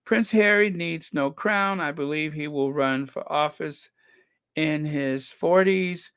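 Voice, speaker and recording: A man's voice: fairly high pitch, vocal fry. Chatty male commentary host. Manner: chatty, opinionated, mocking exclamations. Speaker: channel host. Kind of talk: casual commentary reading viewer comments.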